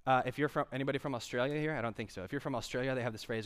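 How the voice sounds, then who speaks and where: A man's voice: medium pitch, rapid-fire, clean tone. A male pastor giving a conversational sermon, asking the congregation questions as he goes. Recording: long hall reverb.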